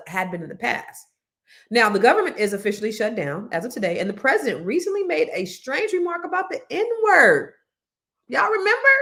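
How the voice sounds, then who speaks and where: A woman with a Californian accent hosts an online panel show. She talks in a lively, chatty way and teases her guests. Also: mid-range voice. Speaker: panel host. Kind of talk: casual panel talk show.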